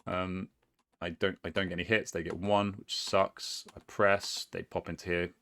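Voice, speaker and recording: A man's voice: deep voice, little pitch movement, moderate pace, vocal fry, fairly bright tone. A man casually commentating his own board game match, rambling and hesitant, often laughing at himself.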